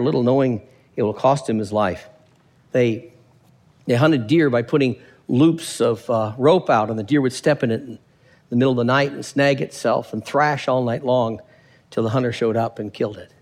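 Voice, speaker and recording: A man preaching a sermon, reading scripture aloud and acting out the characters in the passage with quick voices. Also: mid-range voice, big-room sound. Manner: animated, acts out characters, reads scripture aloud.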